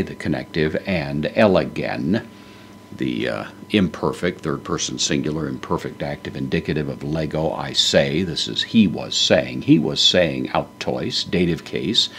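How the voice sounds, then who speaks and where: A man teaching a verse-by-verse Bible lesson, methodically parsing the Greek grammar aloud with frequent pauses. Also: extremely low pitch, a bit bright, slight background noise.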